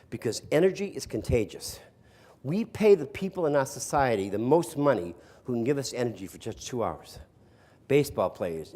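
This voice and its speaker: A man's voice: medium pitch, darkish tone. An older man from the East Coast, a sarcastic storyteller who speaks to an audience of teachers and asks them questions. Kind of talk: storytelling workshop talk. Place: room with a live audience.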